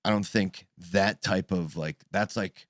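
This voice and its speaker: A man's voice: low-pitched, unhurried, dry recording, studio quality. A man in his thirties telling a story in casual chat, swearing freely and acting out what people said. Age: 30s. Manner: animated, profane, acts out quoted voices.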